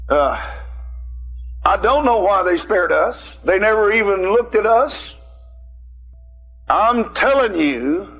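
High, gravelly preacher man. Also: a bit bright. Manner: emphatic, calls out to listeners. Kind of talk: sermon with personal story.

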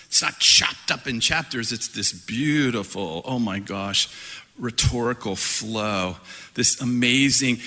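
A middle-aged man preaching a sermon, animated and playful, laughing often as he talks. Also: medium pitch. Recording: hall reverb.

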